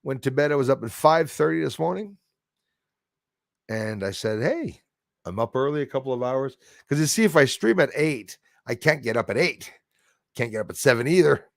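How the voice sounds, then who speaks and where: A man's voice: medium pitch, lively intonation, moderate pace, gravelly, dry recording, studio quality. A man hosting a casual live stream, rambling as he greets viewers and reads their chat comments aloud.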